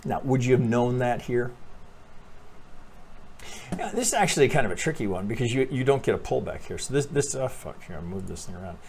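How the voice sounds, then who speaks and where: A man giving a casual chart walkthrough as a trading analyst, talking animatedly, swearing freely and thinking out loud with lots of restarts. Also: medium pitch, big pitch swings, brisk, creaky, a little hiss or hum.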